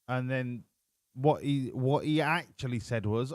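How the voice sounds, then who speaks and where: A man's voice: medium pitch, unhurried, no echo, clean studio sound. A man giving casual, sweary, joking commentary while live-streaming a racing management game.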